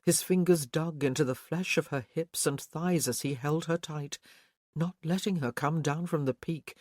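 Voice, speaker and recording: An audiobook narrator reading a romance novel at a slow, even pace. The voice sits at a middle pitch. The recording is dry and close, with no echo.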